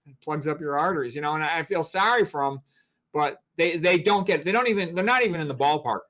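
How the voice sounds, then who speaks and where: A blunt doctor in his sixties lectures with plenty of emphasis. His voice sits a little higher than most men's. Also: expressive, fast talker, fairly bright tone. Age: 60s. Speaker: physician, guest. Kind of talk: interview talk.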